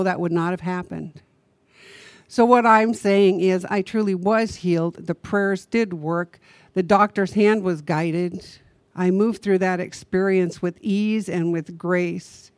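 A woman's voice: medium pitch, a little mellow, no room sound. Woman minister giving a conversational sermon. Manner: conversational, asks the congregation rhetorical questions. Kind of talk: sermon with storytelling.

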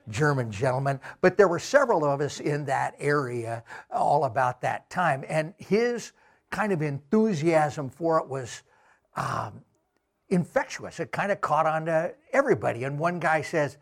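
A middle-aged man giving a talk with slides, telling travel anecdotes slowly with many fillers. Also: mid-range voice, animated, vocal fry. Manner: slow, unhurried anecdotes with fillers. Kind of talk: storytelling talk.

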